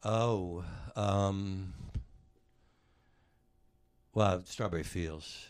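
A man with a New Orleans accent and a fairly low voice tells stories in a relaxed chat. He gets animated, laughs through his punchlines and swears now and then. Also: very slow, clear, resonant tone. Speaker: guest. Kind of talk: casual storytelling chat.

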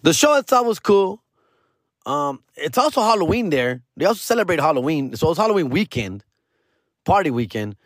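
Slangy, profane comedian from Los Angeles. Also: male voice, normal speed, no room sound, studio quality. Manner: profane and slangy, drops Spanish words; lively swings in pitch and loudness. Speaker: stand-up comedian, podcast host. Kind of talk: casual comic storytelling.

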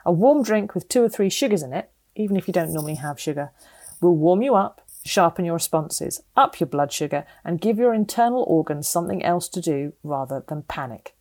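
British woman, middle-aged, lowish voice, wry and sardonic, reading a scripted opinion column. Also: lively intonation, a little fast, darkish tone. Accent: British English.

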